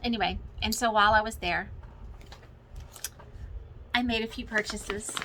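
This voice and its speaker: Gushing, bright-voiced woman. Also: medium pitch, a little slow, a little hiss or hum, rough recording. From Texas. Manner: gushing and excitable, many fillers. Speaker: cross-stitch vlogger. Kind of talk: casual chat to viewers. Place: home, with children and TV in the background.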